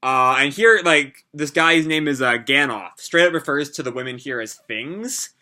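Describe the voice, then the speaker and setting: Bright-voiced man reacting to a manga. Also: mid-range voice, normal speed. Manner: hesitant, lots of fillers and restarts, reflective. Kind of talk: reading a manga aloud with commentary.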